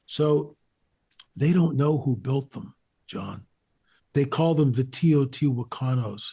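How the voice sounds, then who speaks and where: A man's voice: medium pitch, takes it slowly, warm tone, slightly rough. A man being interviewed as a researcher and author, talking emphatically and repeating phrases for stress. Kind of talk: interview conversation.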